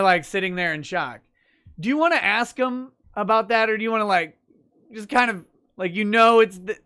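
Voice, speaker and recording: A man's voice: high-pitched, pushed and bright, smooth, no echo, studio quality. Joking male podcast host. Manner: joking, irreverent. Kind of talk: casual chat, reading chat messages.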